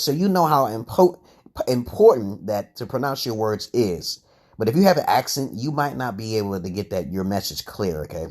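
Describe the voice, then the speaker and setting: A man from the United States hosting a casual vlog, rambling and argumentative, stumbling over words, tagging points with "okay?" and swearing freely. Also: fairly low pitch. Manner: curses freely and restarts words often. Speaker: channel host answering chat comments.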